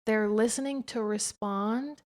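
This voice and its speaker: A woman's voice: on the high side, unhurried. A young adult woman talking casually and expressively as a podcast host, with lots of filler "like". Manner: chatty and expressive, frequent filler "like". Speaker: podcast host, interviewed by her husband. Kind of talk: casual conversational chat.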